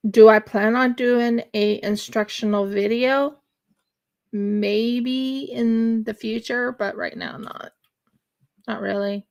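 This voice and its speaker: A woman with a voice on the high side chats while crocheting on her craft livestream at home in winter. She rambles casually, with many fillers and restarts, speaking slowly in a steady tone that is gravelly and darkish.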